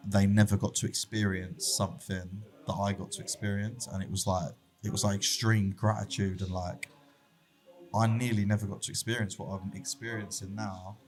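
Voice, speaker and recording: Low-voiced man, candid and heartfelt. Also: flat delivery, normal speed. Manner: open, candid, heartfelt storytelling. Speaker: barber shop founder, guest. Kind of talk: casual podcast conversation.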